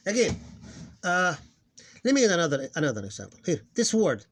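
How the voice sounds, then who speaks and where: A middle-aged man teaches in a fairly high voice. He talks casually and haltingly, often restarting his words and slowing down to spell out sounds. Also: big pitch swings, husky. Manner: hesitant, repeats words, slows to sound out syllables. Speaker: Arabic teacher. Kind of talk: casual recorded lesson.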